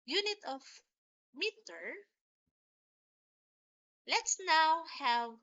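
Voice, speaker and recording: Teaching poetry, a woman patiently sounds out rhythms, singing examples as she explains at a slow pace. She has a fairly high, fairly bright voice, and the recording is dull and lo-fi.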